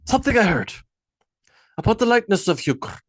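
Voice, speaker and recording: A man's voice: high-pitched, sing-song, a little fast, no echo, clean studio sound, pitched above the performer's own voice. A man reading an audiobook, voicing a thoughtful young Viking warrior who muses earnestly about fate. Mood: musing. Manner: earnest, musing.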